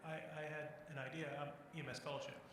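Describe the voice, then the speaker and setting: A male audience member with a fairly high voice, speaking informally and working his idea out as he goes. The sound is very echoey with long hall reverb and a faint hiss behind him. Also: flat delivery, fast, fairly bright tone. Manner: informal, thinks aloud with restarts. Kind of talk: audience comment at a conference. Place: lecture hall.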